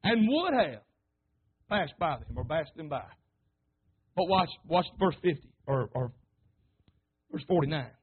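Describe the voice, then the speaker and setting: A man preaching a sermon, fervent and calling out to his congregation, sometimes rising to shouts. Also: a little high, very animated, measured pace, long pauses, breathy edge. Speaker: pastor. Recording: tinny phone-like sermon recording.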